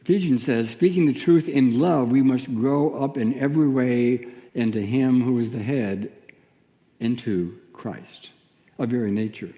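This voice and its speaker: A man giving a sermon as a minister, teaching in a gentle, reflective way with pauses. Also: mid-range voice, in a large hall.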